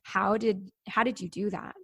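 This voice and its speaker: A woman hosting an interview, thoughtful and hesitant, with many pauses and fillers. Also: medium pitch, steady tone, gravelly, a bit bright, breathy edge, dry recording, clean studio sound. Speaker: podcast host. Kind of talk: conversational interview.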